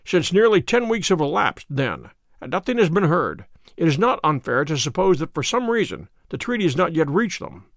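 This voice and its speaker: Cool, keen detective, measured speech, lively pitch, read by a man in a storybook. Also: vocal fry, no room sound, clean studio sound. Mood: composed. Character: sharp, calm male detective. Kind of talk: audiobook character reading.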